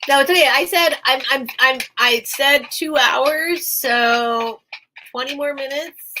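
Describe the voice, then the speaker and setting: A woman's voice: high voice, slow, background noise. A woman hosting a casual live-stream sale, chatty and rambling, laughing often while recovering from being unwell.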